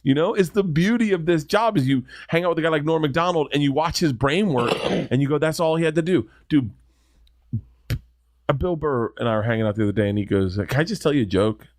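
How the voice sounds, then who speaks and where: A man who is a comedian, telling stories in a rambling, excitable, profane way as a podcast guest. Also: medium pitch, quick pace, no echo, clean studio sound. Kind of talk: casual podcast chat, storytelling.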